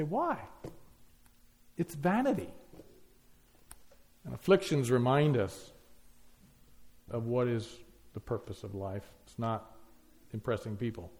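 Guy preaching a sermon, kinda high voice, punchy lists and questions. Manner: emphatic, repetitive lists, rhetorical questions.

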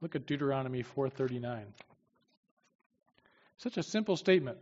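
A man preaching a sermon with emphasis, swinging from loud declarations to quiet asides. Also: medium pitch, expressive, moderate pace. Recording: dull, long-reverb hall sound.

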